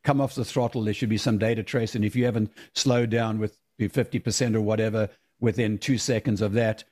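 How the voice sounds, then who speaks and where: A man's voice: fairly low pitch, steady tone, a little fast, a little mellow. A man speaking as a guest on a video-call podcast, giving firm, emphatic opinions in casual chat. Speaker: guest, race car driver.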